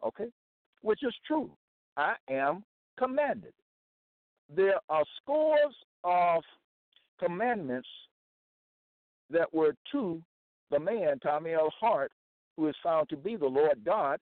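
A man teaching from scripture in a slow, deliberate way, repeating phrases and checking in with "okay?" and "all right?". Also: on the high side, no room sound. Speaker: self-styled Bible teacher. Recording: tinny phone-like dry sound.

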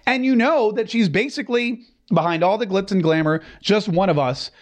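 A man's voice: high voice, normal speed. A man hosting an opinionated political show, talking in a sarcastic, mocking way with many asides. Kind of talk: opinionated commentary.

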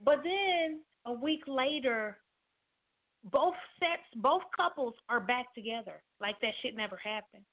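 A woman's voice: on the high side, measured pace. A woman hosting a casual podcast, telling a story animatedly and acting out the other people's voices. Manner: animated, acts out quoted voices. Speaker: podcast host. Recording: phone-like narrow sound.

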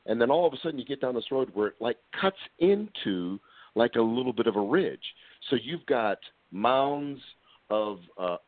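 A man from Pennsylvania, a guest researcher, telling an animated story on a call-in show and acting out the people he quotes. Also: deep voice, dry recording. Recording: tinny phone line, dry.

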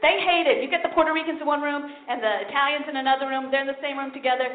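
A woman's voice: high-pitched, fast talker. A woman from New York City doing a stand-up comedy set in a punchy, playful way, over an echoey, tinny, noisy recording. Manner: punchy, playful, mimics family members.

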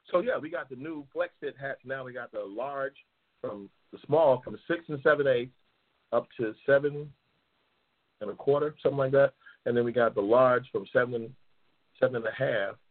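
Man, gravelly voice, excitable and cussing, hosting a show, phone-like sound. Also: medium pitch. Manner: loud, profane and excitable, yelling at times. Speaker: talk show host. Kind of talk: casual livestream chat, reading race matchups.

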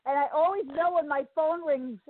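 A singer with a New York accent is a guest in a casual interview, chatty and rambling and quick to laugh. Her voice sits high at normal speed, and the dry, echo-free recording sounds tinny, like a phone line.

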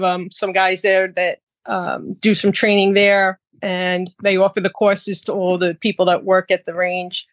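A woman's voice: medium pitch, dry recording. A woman guest talking casually about teaching firearms classes, chatty, with frequent fillers. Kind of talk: casual interview.

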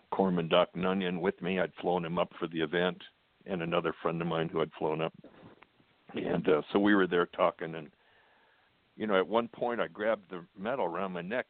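Low gravelly older man on a phone line. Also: no room sound. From United States. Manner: plainspoken, with fillers and quoted dialogue. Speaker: guest. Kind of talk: storytelling.

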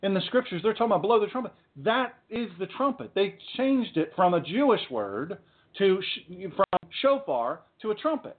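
A man preaching a sermon, fiery and emphatic, with dramatic pauses. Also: sits high, very animated, slight background noise. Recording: tinny phone-like sound.

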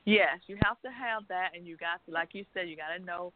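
A woman from Georgia with a Southern accent, a guest author chatting and laughing often. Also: lowish voice. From Georgia, USA. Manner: animated, laughs often, drawn-out speech. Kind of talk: casual chat on a video call show. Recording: tinny phone-like line.

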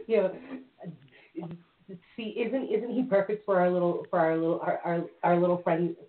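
Over tinny phone-line audio with faint hiss, a woman hosts a live call-in talk show. She speaks slowly in a lowish voice, brash, bawdy and playful.

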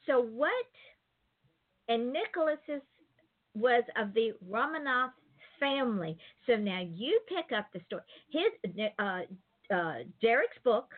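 A woman hosting an interview in casual chat, telling stories in a rambling, digressive way. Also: a little high. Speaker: interview host. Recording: tinny phone-like line.

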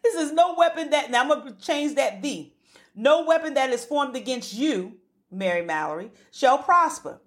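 Lady preaching hard, high voice, keeps repeating stuff, real fired up. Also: lively intonation, normal speed. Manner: fervent, emphatic, repeats words for emphasis. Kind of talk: sermon.

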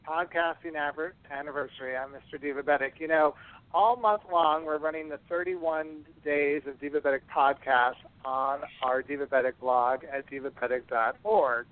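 A man hosting a podcast in a chatty, casual way, often tripping over his words. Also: fairly high pitch. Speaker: podcast host. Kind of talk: casual radio-style hosting. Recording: tinny phone-like line.

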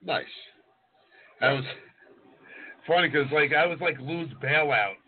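A man's voice: a little high, a little slow, narrow, tinny audio. A man who co-hosts a podcast and works as a chef, chatting casually and laughing often. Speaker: co-host and chef.

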